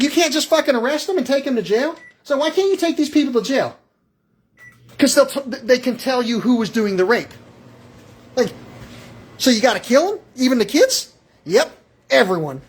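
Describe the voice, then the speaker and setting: A caller phones a radio show and launches into a rambling, agitated, profane rant, jumping between thoughts and acting out little exchanges. His voice is husky and extremely high-pitched.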